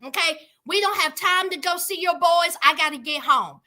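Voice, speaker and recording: A man's voice: extremely high pitch, normal speed, pushed and bright, voice pushed down, heavily acted. A woman voicing a frustrated man on parole who is worried about missing curfew. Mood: exasperated.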